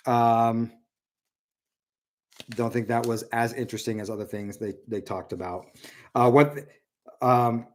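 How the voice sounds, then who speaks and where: Rambling male political commentator. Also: medium pitch. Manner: rambling, repeats words, quotes others in a raised voice. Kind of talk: casual solo commentary.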